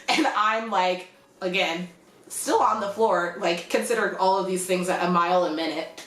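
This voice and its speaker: Young woman vlogging, excited storytelling, squeaky when she quotes people, kinda echoey room. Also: a little fast. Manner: animated, acts out quotes in high squeals. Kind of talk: casual storytelling vlog.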